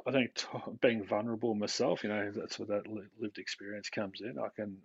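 A man, a mental health practitioner explaining his work in a calm, steady way during a podcast interview. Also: fairly low pitch, creaky, dry recording. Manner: calm, explanatory, with light laughs. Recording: dry, dull lo-fi recording.

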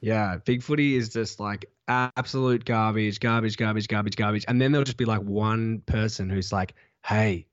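A man talks as a guest on a podcast, emphatic and passionate, leaping up in pitch on his strongest points. His voice is slightly muffled and dull, recorded very dry with no room sound. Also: fairly even intonation, normal speed, few pauses, dry recording. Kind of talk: casual podcast chat.

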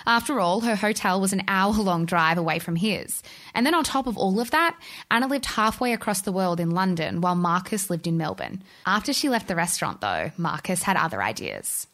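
A woman giving scripted podcast narration in a measured, even read. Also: mid-range voice.

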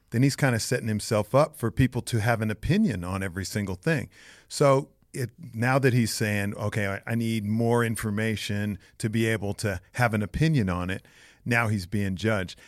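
A man's voice: fairly low pitch, no room sound. Man, former player, podcast co-host, opinionated, dry studio mic. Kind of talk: casual sports podcast chat.

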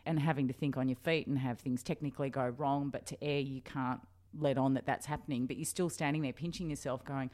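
An Australian woman in her fifties, a broadcaster telling lively stories in a casual interview and laughing often. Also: a bass voice, brisk, hardly any pauses. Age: 50s.

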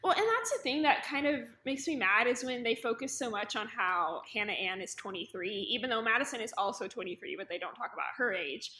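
A woman's voice: fairly high pitch, expressive, brisk, hardly any pauses, sharp tone. A woman co-hosting a podcast in casual chat, chatty and full of "like" fillers. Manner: chatty, many "like" fillers, acts out quotes. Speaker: podcast co-host. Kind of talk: casual chat recapping a TV show.

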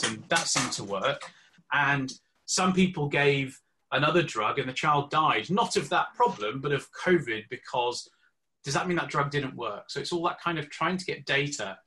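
Male intensivist, emphatic debater, bright tone. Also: a little high, slight background noise. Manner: emphatic, argumentative. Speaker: intensivist debating in a conference panel. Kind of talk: conference debate.

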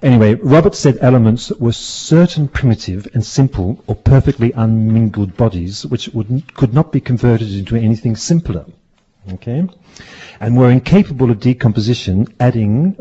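A man's voice: medium pitch, moderate pace, mellow, breathy edge. A man presenting a radio segment, telling history in a jokey, rambling, self-mocking way. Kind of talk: playful casual chat. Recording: dull lo-fi radio recording.

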